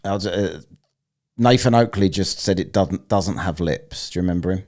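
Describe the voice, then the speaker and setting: A man's voice: deep voice, normal speed, darkish tone. A man hosting a live stream, rambling, teasing and swearing freely in casual chat.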